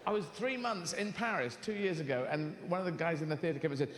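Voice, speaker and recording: A man doing stand-up comedy on a theater stage, animated, with jumping pitch and playful swearing. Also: quick pace, a little hiss or hum. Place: large theater stage with live audience.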